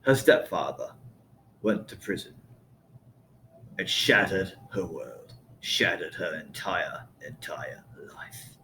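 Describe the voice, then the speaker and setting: A man doing a deep, hushed, menacing radio host. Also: lively intonation, a little hiss or hum, full character voice, rough recording. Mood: solemn. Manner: quiet menacing low delivery, slow and half-whispered. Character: impression of a deep-voiced big male radio host.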